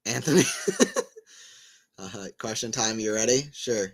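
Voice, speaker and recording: A man's voice: lowish voice, measured pace. Chatty man calling tennis live. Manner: chatty, rambling asides between excited point calls. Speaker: livestream tennis commentator. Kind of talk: casual live play-by-play commentary.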